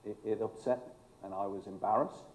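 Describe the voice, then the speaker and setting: A man's voice: fairly low pitch, fairly even intonation, fairly quick, darkish tone. A man, a former fire chief, telling emphatic stories with dry humor in a speech to an audience. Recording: echoey hall.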